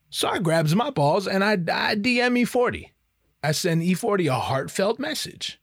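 A man's voice: high voice, sing-song, moderate pace, dry recording, studio quality. A man hosting a podcast in a casual, rambling monologue, profane and self-mocking. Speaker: podcast host. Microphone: podcast headphones and mic.

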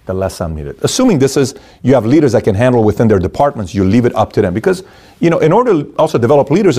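Lively middle-aged man giving motivational talk. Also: on the low side. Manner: animated, acts out quoted voices. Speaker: motivational speaker.

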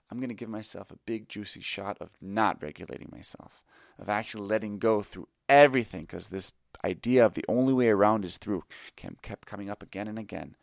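A man's voice: lowish voice, creaky, dry recording, clean studio sound. A middle-aged man who teaches improv tells a personal story in a reflective, candid and self-critical way. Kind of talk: confessional storytelling.

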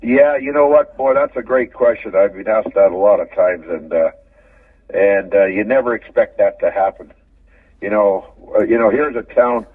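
An older Canadian man tells long, rambling stories, restarting his sentences and chuckling as he goes. His voice is husky and dry. It comes through a thin, phone-like line, set back from the mic. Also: lowish voice, normal speed, dry recording. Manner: rambling, repeats words, chuckles while telling stories. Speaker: guest, former hockey player. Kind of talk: casual storytelling interview. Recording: phone-line audio from a distance.

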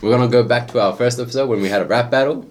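A young man co-hosting a casual podcast, easygoing and quick. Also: medium pitch, a little mellow, slight background noise. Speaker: podcast co-host. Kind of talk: casual chat.

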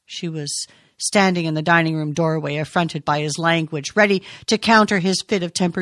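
A woman narrating a novel aloud in a measured, expressive way. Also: deep voice, dry recording, clean studio sound. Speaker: audiobook reader.

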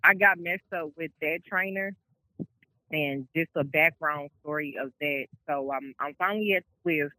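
A woman's voice: low-pitched, a little slow, bright, forceful tone, poor audio. A woman truck driver, a guest on a casual interview, telling her story in a rambling way with many "like"s and restarts. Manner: rambling, quotes people, frequent "like"s and restarts.

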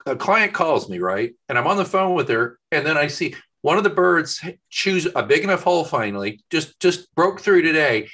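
Bright-voiced man telling a lively story. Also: a little high, moderate pace, few pauses, breathy edge. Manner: animated storyteller, acts out voices in his anecdotes. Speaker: podcast co-host. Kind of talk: casual chat. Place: home office.

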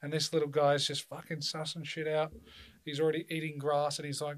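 A man's voice: a little high, completely flat delivery, a little fast. A young man chatting casually, telling loose stories full of swearing and laughter. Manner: loose, swearing storyteller who laughs often. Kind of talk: casual chat.

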